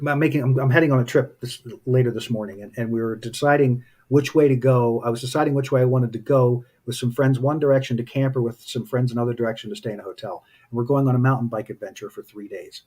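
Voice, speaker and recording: A man's voice: mid-range voice, darkish tone. A man speaking as a spiritual teacher in casual, reflective talk, telling personal stories in a thoughtful way. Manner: thoughtful, anecdotal storytelling.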